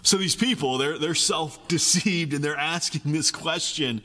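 A man preaching a sermon, animated, acting out the voices of complaining people. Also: a little high, measured pace, in a large hall. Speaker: pastor.

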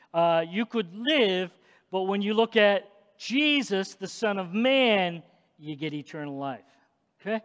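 A male pastor preaching an emphatic sermon in a church, swinging between loud declarations and hushed asides. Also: high-pitched. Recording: long hall reverb.

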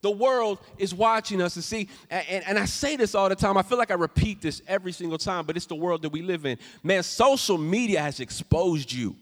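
Man, pastor, sermon, loud to hushed delivery, fairly high voice, echoing church hall. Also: animated, fairly quick, few pauses. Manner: swings from loud preaching to soft, hushed storytelling. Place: church sanctuary.

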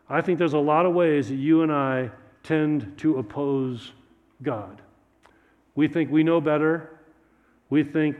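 A man's voice: fairly high pitch, moderate pace, darkish tone. A man preaching a sermon as a pastor, in a conversational, joking storytelling manner. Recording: echoey hall.

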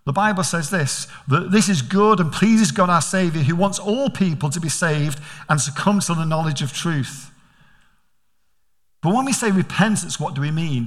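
Older preacher with a high voice. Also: male voice. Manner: storytelling, animated, questioning. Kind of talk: sermon. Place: church. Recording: reverberant church hall.

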